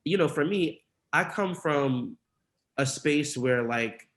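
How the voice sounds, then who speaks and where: A man's voice: fairly high pitch, expressive, slow pace, fairly bright tone. Impassioned young man speaking out. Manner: impassioned, earnest. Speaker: campaign organizer. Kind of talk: emotional podcast testimony.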